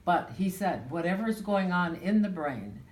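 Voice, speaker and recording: Low, lively woman from a distant seat. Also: moderate pace. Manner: brief agreeing interjections. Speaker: audience member responding. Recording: echoey room, distant mic.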